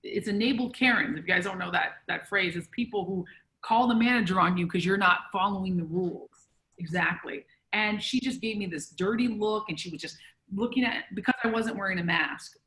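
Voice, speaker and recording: A woman's voice: medium pitch, brisk, sharp tone, rough recording. Woman guest, outspoken and emphatic, mid-range voice. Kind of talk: casual conversation.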